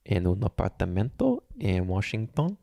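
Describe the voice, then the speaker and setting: Young male co-host with a gravelly, unhurried voice. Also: low-pitched, huge pitch swings, dark tone, no echo, studio quality. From Pennsylvania, USA. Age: young adult. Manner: laid-back, trails off, stumbles over words. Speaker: podcast co-host. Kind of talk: casual chat.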